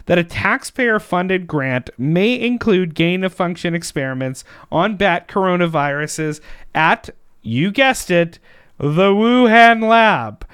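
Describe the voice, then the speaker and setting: A man's voice: fairly high pitch, a bit bright, clean tone, dry recording, studio quality. A man co-hosting a political commentary podcast, talking in an emphatic, sarcastic way. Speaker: podcast co-host.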